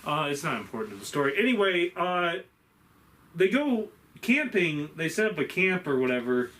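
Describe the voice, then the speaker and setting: A man's voice: a little high, sing-song, normal speed, fairly bright tone. A man casually retelling a movie's plot for a spoiler review, rambling and swearing, acting out the characters' lines as he goes. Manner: rambling and profane, acts out lines from the film.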